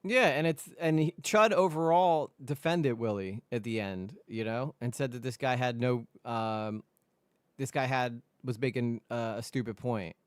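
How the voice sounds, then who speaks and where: A man hosting a casual commentary stream, rambling with restarts and sudden animated jumps in pitch. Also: unhurried, smooth, dry recording, clean studio sound. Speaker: host.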